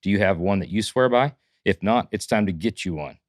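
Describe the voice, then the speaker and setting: A man with a fairly low voice hosts a relaxed podcast, punching up his sponsor reads and joking around. The sound is close and dry, with no room around him. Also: a little fast, no room sound. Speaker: podcast host. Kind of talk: casual podcast banter.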